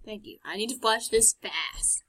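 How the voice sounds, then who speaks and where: A woman's voice: mid-range voice, a little slow, pushed and bright, a little hiss or hum. A woman commenting on her own playthrough of a game, chatty and sarcastic, talking back to the characters on screen. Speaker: gamer. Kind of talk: let's play commentary.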